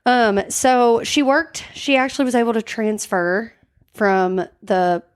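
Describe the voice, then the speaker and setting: Her voice is smooth, fairly high-pitched, and a little slow. Co-hosting a casual true-crime podcast, this woman tells a story peppered with "like" and performs the quoted dialogue.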